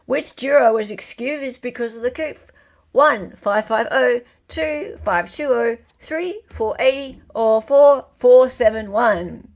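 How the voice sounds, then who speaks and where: Australian woman, live-stream quiz host, high voice, unhurried and playful delivery. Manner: playful and chatty, reading out multiple-choice answers.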